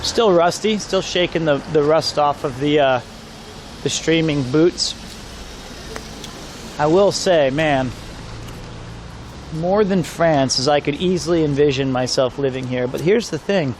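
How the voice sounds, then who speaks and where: A man talks to his stream chat as he walks outdoors, his voice sitting a bit high. He rambles, cracks jokes and chats to passers-by. Faint traffic and street sounds run underneath. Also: measured pace, long pauses. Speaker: IRL streamer. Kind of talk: casual live-stream chat while walking.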